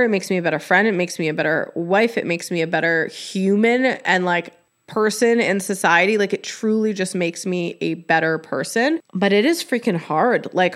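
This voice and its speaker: A woman hosting a podcast in casual chat, candid and expressive, with her talk full of "like". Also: fairly low pitch. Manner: chatty, heavy use of "like". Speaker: podcast host.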